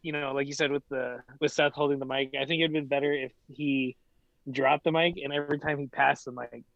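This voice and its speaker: A man's voice: mid-range voice, steady tone, fairly quick, creaky, no echo. A man co-hosting a casual podcast, easygoing, laughing often and leaning on fillers. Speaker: podcast co-host. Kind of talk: casual chat. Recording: dull, lo-fi mic.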